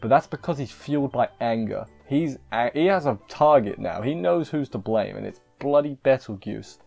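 A man's voice: mid-range voice, lively intonation, normal speed, gravelly, darkish tone, soft background music. A man recapping an anime episode in a casual, rambling way, often restarting sentences and slipping in jokey asides. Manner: rambling, self-interrupting, joking asides. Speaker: anime reviewer.

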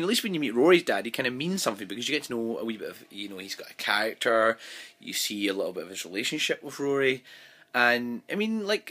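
A man talking through a TV episode in a loose, rambling vlog, stopping and restarting his sentences. His pitch jumps around a lot, and his voice is a little husky. He is recorded on a phone. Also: a bit bright. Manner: rambling, many fillers and restarts. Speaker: TV episode reviewer. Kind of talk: casual vlog review.

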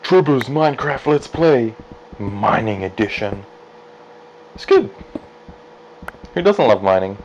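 A man casually commentating his own gameplay, chatty and self-deprecating, jumping into excited high yelps. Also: normal speed, muffled recording, a little hiss or hum. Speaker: let's play gamer.

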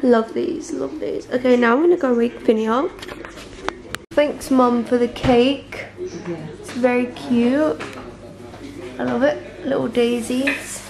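A woman's voice: a little high, lively intonation, takes it slowly, pauses often, a crowd in the background. A young woman of 21, gushing happily through a casual birthday vlog at home. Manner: bubbly and gushing. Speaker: vlogger.

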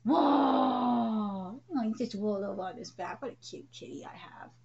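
A woman streaming a live manga reaction, excitable and profane, shrieking at twists and talking to her cat. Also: fairly high pitch, moderate pace, creaky, highs cut off.

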